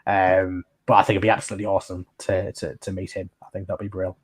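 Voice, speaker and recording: A man's voice: sits low, monotone, quick pace, slightly rough. A man hosting a casual podcast chat, telling stories in a rambling, chatty way. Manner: chatty storyteller, frequent restarts and laughs. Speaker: podcast host.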